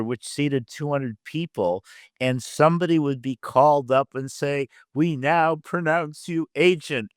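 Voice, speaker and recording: A man's voice: on the high side, clear, resonant tone, no echo, studio quality. An older man, a literary agent and producer, telling career anecdotes as an interview guest, acting out the dialogue of the people in his stories. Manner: lively storyteller who acts out quoted dialogue; loose, with fillers and restarts mid-thought.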